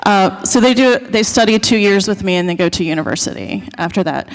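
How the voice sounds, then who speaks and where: A woman's voice: mid-range voice, animated, fairly quick. A woman who teaches theater, plainly explaining her background before asking a question. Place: convention hall. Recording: long hall reverb.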